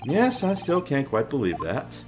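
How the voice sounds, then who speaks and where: A man voicing a confident young man who teases his friend in a calm, dry manner. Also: medium pitch, moderate pace, music in the background. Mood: teasing.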